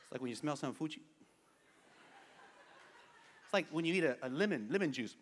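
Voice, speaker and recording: A man preaching a sermon to his congregation, playful and animated, urging them to answer back with amens. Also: fairly high pitch, brisk. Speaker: pastor. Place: church sanctuary with a congregation. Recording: long reverb of a large hall.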